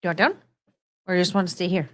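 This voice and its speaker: A woman's voice: fairly low pitch, lively intonation, very fast, no echo, studio quality. A woman in her thirties hosting a casual chat podcast, chatty and giggly, rambling with plenty of fillers. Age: 30s. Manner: giggly, chatty, frequent laughter. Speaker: podcast host.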